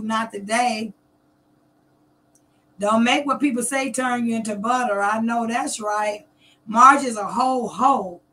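A woman's voice: a little high, pushed and bright. A middle-aged woman from Georgia, ranting to camera in a confrontational, taunting way. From Columbus, Georgia, US. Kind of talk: direct-to-camera rant.

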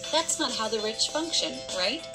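Female countdown narrator, scripted and teasing, over a loud music bed. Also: fairly high pitch, expressive, moderate pace, rough recording. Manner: teasing, rhetorical. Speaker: video narrator.

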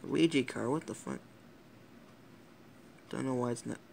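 A man's voice: mid-range voice, measured pace, creaky, a little mellow, slight background noise. A teenage boy rambling through a casual vlog, giggling often, swearing and cutting himself off mid-thought. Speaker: YouTuber.

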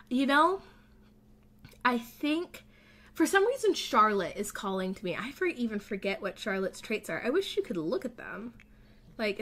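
A young woman giving casual gameplay commentary as a let's play host, gushing and excitable, often gasping. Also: on the high side.

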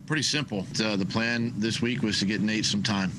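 A man, a football coach, giving a measured press conference answer. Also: fairly low pitch, steady tone. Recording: noisy press-conference clip.

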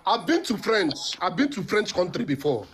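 A man's voice: high voice, big pitch swings, normal speed. A man teases the host on a live stream in a bouncy, sing-song voice. He repeats his lines and slips into fake French. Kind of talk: teasing live-stream banter.

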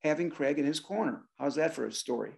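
An older man, a drummer, telling an animated story on a talk show and acting out the voices of the people in it. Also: on the high side, fast, creaky. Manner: animated, acts out voices and shouts in his stories. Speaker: guest drummer.

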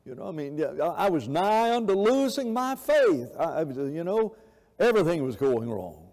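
Male preacher, fairly high voice, impassioned sermon delivery, long church reverb. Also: very animated, moderate pace, a little mellow. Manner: impassioned, with repeated words and restarts. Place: church sanctuary. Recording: echoey church hall.

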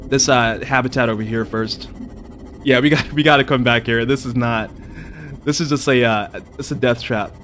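A man's voice: medium pitch, a bit bright, slight background noise. A young man giving let's play commentary on a survival game, jumpy and swearing a lot, yelping and panicking whenever creatures come near. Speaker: gamer.

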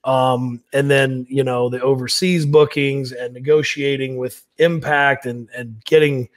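A man's voice: mid-range voice, flat delivery, a little slow, no room sound, studio quality. A man speaking as an interview guest, profane and laughing, with a confident, businesslike bravado. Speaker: guest wrestler. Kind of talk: casual interview chat.

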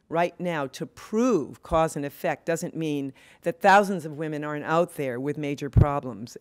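An older woman speaking earnestly and with passion at an award event, with frequent fillers and restarts. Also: sits low. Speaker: award speaker, women's health advocate.

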